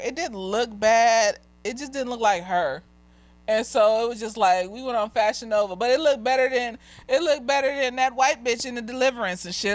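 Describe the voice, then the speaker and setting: A woman's voice: medium pitch, fairly bright tone, no room sound. A woman therapist giving a casual, candid episode review, swearing freely and laughing often. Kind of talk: casual tipsy review chat.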